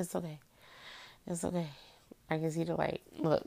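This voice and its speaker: A woman's voice: sits low, fairly even intonation, moderate pace, creaky, mellow, no echo. A woman vlogging while sick and drowsy from cold medicine, slurring and rambling as she talks herself through it in a small room. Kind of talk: casual monologue to camera.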